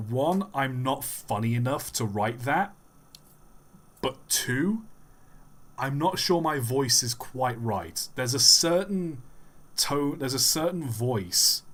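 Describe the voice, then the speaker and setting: A man's voice: medium pitch, a bit bright. A man live-streaming and giving rambling, wry commentary with the odd chuckle.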